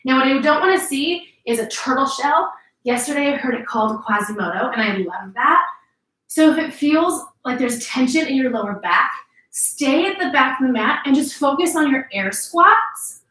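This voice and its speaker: Bright upbeat woman fitness instructor. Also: high voice, animated, moderate pace. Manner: upbeat, encouraging, cueing moves. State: out of breath at times. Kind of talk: coaching a workout class. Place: home workout space, indoors. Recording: roomy echo, mic at a distance.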